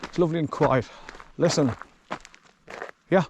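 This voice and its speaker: A man in his sixties talking casually and rambling a bit while walking through quiet countryside. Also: on the high side, a little slow, vocal fry, muffled recording, noisy background. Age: 60s. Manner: rambling and chatty, swears casually. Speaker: vlogger.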